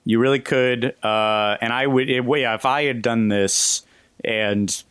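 A man's voice: medium pitch, fairly even intonation, measured pace, a bit bright, clear, resonant tone, no room sound, studio quality. A man co-hosting a casual comedy podcast over a video call, rambling and laughing through jokey asides. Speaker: podcast co-host.

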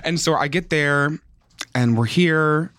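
A man's voice: on the high side, slow pace, fairly bright tone, dry recording. A man chatting on a podcast, telling a story in a campy, laughing way and calling his friends "honey". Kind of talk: casual chat.

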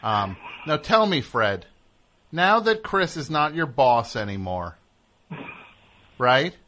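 Male comedy show host, sharp bright voice, ribbing jokes, slight background noise. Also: mid-range voice, sing-song. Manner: teasing, riffing rapid-fire jokes. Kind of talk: comedic call-in show banter.

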